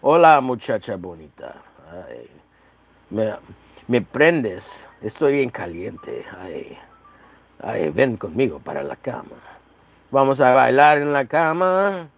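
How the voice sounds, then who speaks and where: A man's voice: wildly swooping pitch, a little slow. A man putting on a sultry, crooning Latin lover voice. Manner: low, crooning seduction.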